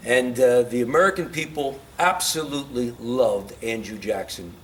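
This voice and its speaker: A man lecturing on history to a room of listeners, voice sitting at an ordinary middle pitch. He keeps firing questions at the audience and turns heated and insistent when making his case. A faint hiss runs under the recording. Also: moderate pace. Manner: quizzes the audience with questions, gets impassioned.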